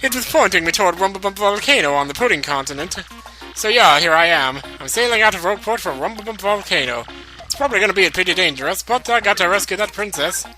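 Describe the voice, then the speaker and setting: Guy doing a goofy italian-accent plumber hero, pitched way up, bright and bouncy, keeps saying bro. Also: lively intonation, fast, soft background music, full character voice, poor audio. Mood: eager. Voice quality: put-on Italian-style accent. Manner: eager, chatty, calls listener bro. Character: cheerful nervous adult male plumber hero, boastful. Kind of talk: reading game dialogue aloud in character.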